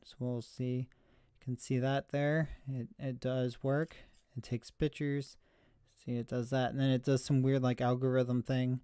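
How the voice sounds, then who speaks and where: A man's voice: medium pitch, little pitch movement, measured pace, dark tone, clean tone, no room sound, clean studio sound. A man chatting on a live stream about thrift finds, rambling and self-deprecating, sounding slightly out of breath. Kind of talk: casual live stream chat.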